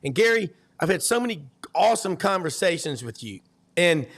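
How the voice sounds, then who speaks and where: A man, co-hosting a casual sports talk show and telling animated stories with lots of restarts. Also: sits high, a little fast. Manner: animated storyteller, many restarts. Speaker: co-host.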